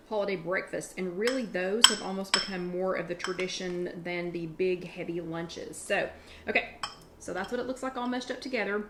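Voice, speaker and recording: A woman's voice: lowish voice, heavy background noise. A woman hosting a casual live cooking chat from her home kitchen, talking in a chatty, rambling way and restarting her sentences. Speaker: online workshop host.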